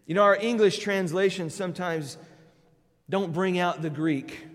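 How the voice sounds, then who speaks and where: A man preaching a sermon, emphatic, moving between loud declarations and quiet, low phrases. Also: long reverb tail.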